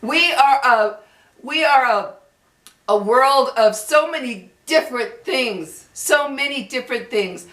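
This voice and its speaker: A furious older woman vents her frustration straight at her viewers, swearing freely and hammering her points with repetition. Her voice is bright and forceful, sitting a little high for a woman. The room around her rings with noticeable echo. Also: expressive, takes it slowly. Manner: heated, cursing, emphatic, repeats herself. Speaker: vlogger. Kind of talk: angry rant to camera.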